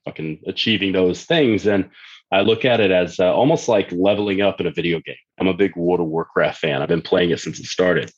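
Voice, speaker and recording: A low-pitched man talks bluntly and emphatically, peppering his speech with profanity. His recording sounds dull and slightly lo-fi. He speaks as a guest coach in a casual podcast chat. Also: fairly even intonation, brisk.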